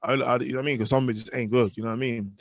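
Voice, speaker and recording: A young man talks fast and loose, piling up "you know what I mean" as he answers interview questions. The sound is dry and close, with no room around it. His pitch sits in the middle, neither low nor high. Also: steady tone, no room sound. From United Kingdom. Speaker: rapper guest. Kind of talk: casual interview chat.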